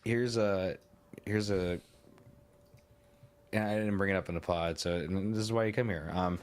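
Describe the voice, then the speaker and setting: A man's voice: deep voice, steady tone, normal speed, smooth. A man hosting a podcast, telling a rambling story in casual chat, swearing freely. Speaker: podcast host.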